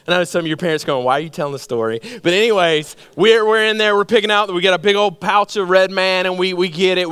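A man's voice: a little high, clean tone, no echo. A man from Georgia, a campus pastor telling a story in his sermon and acting out the voices in it. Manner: animated storyteller, acts out voices. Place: church auditorium.

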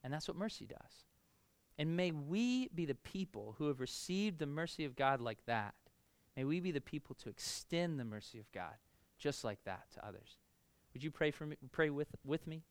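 At a moderate pace and fairly high pitch, a male pastor preaches conversationally, recounting personal stories in a lively, casual manner with plenty of filler words. There is no echo.

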